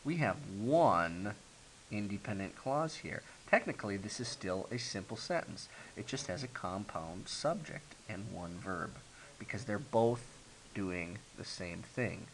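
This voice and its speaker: Guy teaching sentence structure, kinda low voice, says okay a lot, little hiss on the recording. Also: expressive, rough recording. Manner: explaining slowly with many ums and okays. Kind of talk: grammar lesson. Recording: faint hiss.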